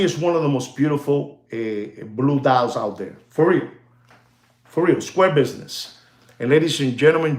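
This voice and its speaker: A man hosting a watch livestream in a casual, animated and rambling way, addressing viewers as ladies and gentlemen and dropping in Spanish phrases. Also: medium pitch, echoey room.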